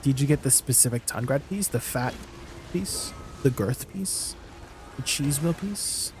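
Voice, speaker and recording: Over a noisy background, a young Canadian man with a Canadian English accent chats playfully with viewers on a live gaming stream, asking them questions. His medium-pitched voice is expressive and measured in pace.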